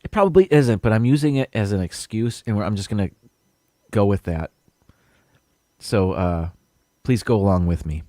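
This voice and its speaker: A man with a slightly low voice hosts a casual live stream. He rambles, pauses on fillers and trips over words he does not know. The sound is dry and close to the mic. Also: expressive, dark tone, no echo. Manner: rambling, reads viewer comments, stumbles over unfamiliar words.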